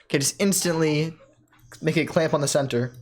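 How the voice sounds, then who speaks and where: An excitable player talks through a chess game at home in a mid-pitched voice, jumping between excitement and puzzled muttering. They correct themselves mid-sentence and think out loud about every move. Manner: excitable, thinks aloud with quick self-corrections. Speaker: chess player commenting on own games. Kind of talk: casual live chess commentary.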